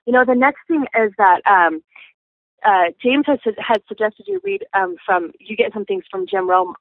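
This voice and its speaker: A woman's voice: mid-range voice, big pitch swings, normal speed, no echo. A woman coaching a sales team in a chatty way, filling her talk with "you know" and checking in with "okay?". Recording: tinny phone-like, dry sound.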